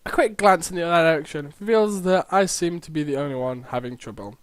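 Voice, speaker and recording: A let's play host reading a visual novel aloud, chatting in quick asides and signing off playfully. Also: medium pitch, no room sound.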